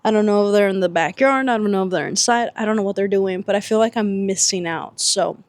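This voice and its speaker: A woman author vlogging casually to the camera, chatty and excitable, talking straight to her viewers. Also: medium pitch, quick pace, no room sound. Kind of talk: casual vlog talk to camera. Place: outdoors at home, sitting alone. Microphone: handheld gimbal camera.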